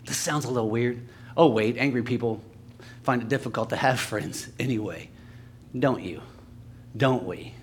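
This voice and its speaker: A man's voice: medium pitch, normal speed, long pauses, slight background noise. A male preacher giving a casual, joking sermon in a church, slipping into sarcastic asides.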